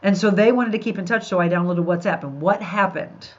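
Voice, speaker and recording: On a live podcast, a middle-aged woman talks brightly and straight to her audience in a brisk, medium-pitched voice. The sound is dull and lo-fi.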